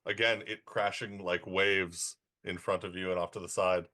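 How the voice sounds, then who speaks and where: Bright, crisp game master man. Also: deep voice, flat delivery, no echo, studio quality. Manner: slow, descriptive scene-setting. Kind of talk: narrating a tabletop game.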